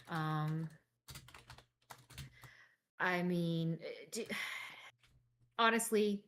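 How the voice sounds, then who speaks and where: Casual woman player, lowish voice. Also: slow, pauses often, a bit bright, slight background noise. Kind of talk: casual chat at a tabletop game.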